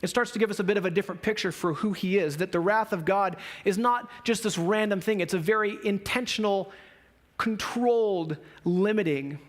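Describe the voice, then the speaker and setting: A male pastor preaching a sermon in a casual, animated storytelling way, acting out the people in his stories. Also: sits high, a little fast. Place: church.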